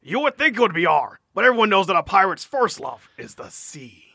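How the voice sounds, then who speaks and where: A man's voice: high-pitched, very animated, brisk, gravelly, sharp tone, no room sound, pitched above the performer's own voice, full character voice. A man doing a jokey pirate voice to tell a pun. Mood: playful.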